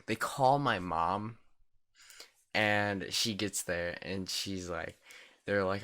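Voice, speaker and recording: A teenage boy tells a story straight to camera in a low, deep voice with a bright, forceful edge. He rambles, swears freely and leans on "like" constantly. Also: takes it slowly. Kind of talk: casual storytime vlog.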